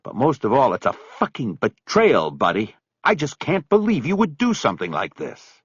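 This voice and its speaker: Guy reading as a clipped forceful middle-aged dude, low husky voice. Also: big pitch swings, normal speed, no echo, highs cut off, exaggerated voice. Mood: angry. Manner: curt and forceful. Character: angry, clipped middle-aged man holding back rage.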